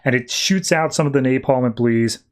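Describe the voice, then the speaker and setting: A man's voice: mid-range voice, brisk. Chatty man recapping comics. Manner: chatty, many "like" fillers. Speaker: podcast host. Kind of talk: casual comic book recap.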